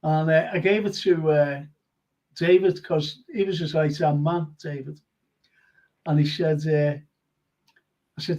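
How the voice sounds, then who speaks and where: Chatty older man, high voice. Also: steady tone, a little slow, pauses often, a little mellow. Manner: chatty storyteller, laughs often. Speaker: host. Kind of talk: live fan show chat. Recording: dull lo-fi stream audio.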